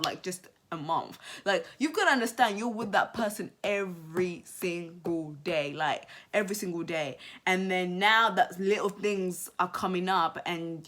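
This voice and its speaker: A young woman commenting on a reality TV episode to her channel viewers, chatty and animated, repeating herself and saying "like" often. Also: lowish voice. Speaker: YouTube reality show commentator. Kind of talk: casual commentary to camera.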